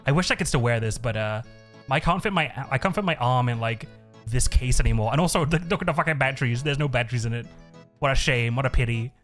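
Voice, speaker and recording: A man's voice: medium pitch, quick pace, a bit bright. A man streaming live, chatting casually in a rambling way, swearing a lot and laughing often. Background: faint looping background music.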